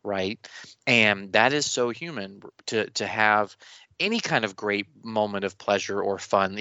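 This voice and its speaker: A man co-hosting a podcast in casual chat, rambling and animated with many restarts. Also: lowish voice, no room sound, muffled recording. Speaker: podcast co-host.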